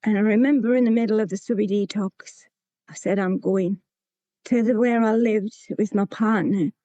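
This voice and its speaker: A woman's voice: mid-range voice, steady tone, moderate pace, dark tone, no room sound, dull audio. A woman, telling her own recovery story to a meeting in a candid, plain-spoken way. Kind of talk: sharing a personal recovery story.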